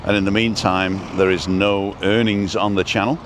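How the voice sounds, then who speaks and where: Guy chatting on a phone livestream out on a street, lowish voice, bit of traffic hum behind. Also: level tone, moderate pace. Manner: chatty, rambling, reads out viewer comments. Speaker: live-stream host. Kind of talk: casual live-stream chat.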